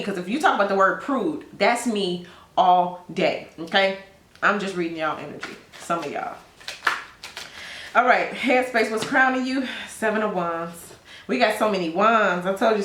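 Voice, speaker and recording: A woman doing a casual tarot reading, chatty and blunt, with big jumps in pitch. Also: a bit bright, reverberant. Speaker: tarot reader.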